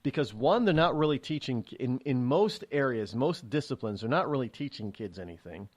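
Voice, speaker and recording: A middle-aged man with a mid-range voice hosts a radio talk show at a normal speed. He delivers an opinionated, sarcastic monologue in an animated way, acting out the voices of the people he quotes.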